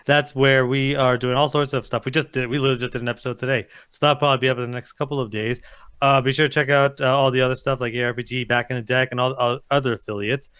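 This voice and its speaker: Quick-talking man, matter-of-fact. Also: mid-range voice, flat delivery, a bit bright, smooth. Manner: matter-of-fact, plugging events. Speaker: podcast co-host. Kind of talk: casual live-stream chat.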